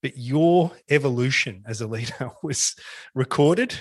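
A man interviewing a guest, asking long, measured questions. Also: medium pitch, slightly rough, dry recording, studio quality. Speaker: interviewer, host.

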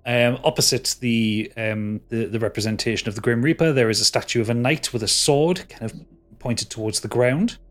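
A man runs a tabletop game and narrates the scenes. He pauses often and restarts his sentences, in an ordinary mid-range voice. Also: mid-range voice, fairly even intonation. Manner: hesitant, full of fillers and restarts. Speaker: game master.

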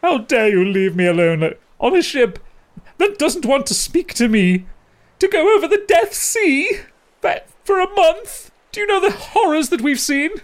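A man voicing an excitable many-armed male creature crewman who squeals in a high, gushing voice. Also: a little slow, hardly any pauses, exaggerated voice. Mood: outraged.

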